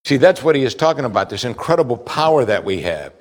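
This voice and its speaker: A man's voice: medium pitch, very animated, fast talker. A man preaching a sermon, talking in a conversational way, asking the listeners direct questions and often repeating a word as he starts a thought. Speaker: pastor.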